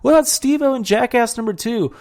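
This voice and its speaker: Excitable, swearing male podcast host. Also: very high voice, brisk. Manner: excitable, swears a lot, many fillers. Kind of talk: casual solo podcast monologue.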